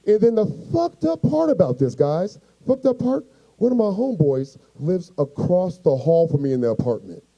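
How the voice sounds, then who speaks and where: Brief: high-voiced man doing animated stand-up, warm and mellow. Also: normal speed, highs cut off. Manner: animated, profane, acts out voices. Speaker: stand-up comedian. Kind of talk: stand-up comedy storytelling.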